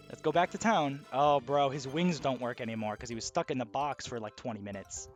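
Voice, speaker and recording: A man giving casual, excitable video game commentary, swearing freely. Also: mid-range voice, brisk, hardly any pauses, faint music behind. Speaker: let's play host.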